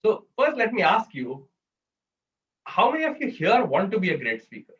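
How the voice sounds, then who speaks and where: A man with a high voice and wildly swooping pitch speaks at a moderate pace, running an online public speaking workshop where he coaches and quizzes his audience over a video call. The video-call audio sounds distant and dull.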